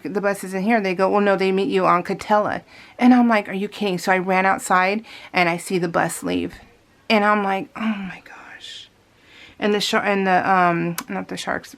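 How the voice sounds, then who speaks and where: A woman's voice: lowish voice, gravelly. Woman, casual vlog voice-over, rambling storyteller, talks to viewers, lots of ums. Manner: rambling, chatty, many restarts and fillers. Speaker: scrapbooking vlogger.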